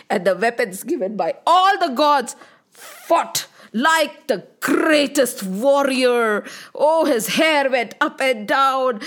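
A woman telling a mythological story to children, lively and expressive. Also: high voice.

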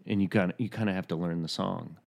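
Deep voiced actor guy, reflective casual chat. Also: fairly even intonation, fast, gravelly, darkish tone. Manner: thoughtful, reflective. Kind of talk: casual conversation.

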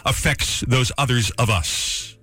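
A man hosting a morning radio show, bantering and ranting in a joking, lively way. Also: medium pitch, measured pace, breathy edge.

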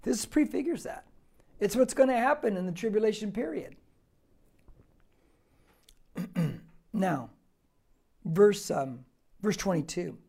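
A male pastor teaching a Bible passage verse by verse, emphatic, posing rhetorical questions and swinging between quiet asides and loud, stressed points. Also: high-pitched, animated, slow pace, gravelly, long pauses, husky.

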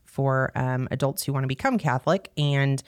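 A woman's voice: a bass voice, moderate pace, darkish tone, dry recording, studio quality. A woman in her thirties, a parish staff member, chatting as a podcast guest and telling her story with laughs and fillers. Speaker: guest, parish evangelization director. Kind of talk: casual podcast chat.

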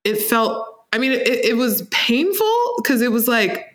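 Woman, 30s, startup founder guest, candid and animated, acts out quoted lines with a laugh. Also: on the high side, a little slow. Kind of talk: candid storytelling interview.

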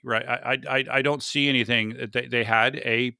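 An American man hosts a loose tech talk, rambling and poking fun at himself. His voice is bright and forward. The recording is dry and close. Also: mid-range voice, steady tone, brisk, few pauses, clean tone, no room sound. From United States. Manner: rambling, self-mocking, repeats words. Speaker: podcast host. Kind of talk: casual tech chat.

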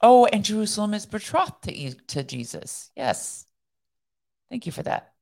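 A woman's voice: mid-range voice, very animated, normal speed, gravelly, a little mellow. A woman co-hosting a casual faith podcast, explaining ideas in a chatty way. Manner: explanatory, chatty, laughs easily. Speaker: podcast co-host. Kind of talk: casual chat.

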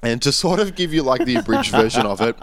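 A man's voice: mid-range voice, animated, fast, no echo. Rambling young man, dry sound. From Australia. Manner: rambling storyteller, many fillers and restarts. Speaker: guest musician. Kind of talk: casual podcast chat.

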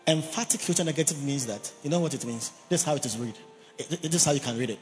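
Preaching fast in a fairly high voice, a male pastor stresses and repeats key words for his congregation. A long hall reverb surrounds his sermon, with soft, faint music beneath.

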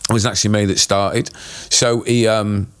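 A man's voice: fairly low pitch, level tone, moderate pace, clean tone. A man, a tattoo artist telling anecdotes in a casual podcast chat, rambling with many fillers.

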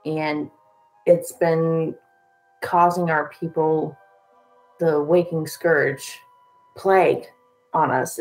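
A woman playing a tabletop game in character, talking in a halting, hesitant way. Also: fairly low pitch, darkish tone, poor audio. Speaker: player.

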